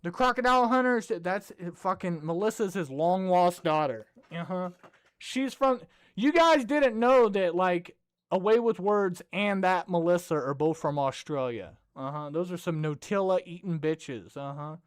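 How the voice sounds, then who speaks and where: Male comedy host, high and smooth voice, swears a lot, rambles through his stories. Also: expressive, unhurried. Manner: profane, rambling storyteller. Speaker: podcast host. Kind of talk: casual comedic commentary.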